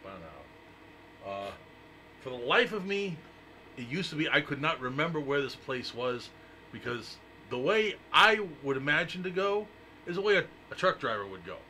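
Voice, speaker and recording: A man hosting a live internet radio talk show, teasing his co-host in loud, joking, profane banter. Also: on the high side, sing-song, moderate pace, slight background noise.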